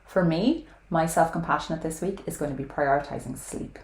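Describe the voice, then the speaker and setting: A woman's voice: deep voice, brisk, darkish tone. A woman vlogging to camera, talking frankly and earnestly about self-compassion and weight loss, now and then swearing casually. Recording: echoey room.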